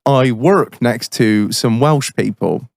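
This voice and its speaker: A man's voice: mid-range voice, takes it slowly, vocal fry, dry recording. A man co-hosting a podcast, telling a long sweary anecdote in casual chat. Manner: animated, swearing anecdotes with put-on voices. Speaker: podcast co-host.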